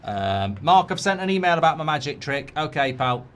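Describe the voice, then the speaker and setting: A man's voice: on the high side, sing-song, moderate pace, a bit bright, clean tone. A man hosting a football watchalong, talking in a sarcastic, blunt, rambling way. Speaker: host.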